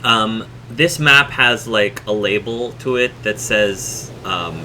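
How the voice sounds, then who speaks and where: A man narrating as game master of a tabletop game, halting with many ums and restarts. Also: lowish voice, bright, forceful tone. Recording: noisy room hum.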